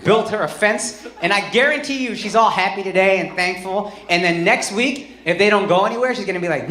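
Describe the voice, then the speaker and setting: A man's voice: high-pitched, a little fast, hardly any pauses. A man in his thirties doing stand-up crowd work, brash and profane, swinging into mock outrage. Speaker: stand-up comedian. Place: comedy club stage with live audience. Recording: echoey club with loud crowd laughter.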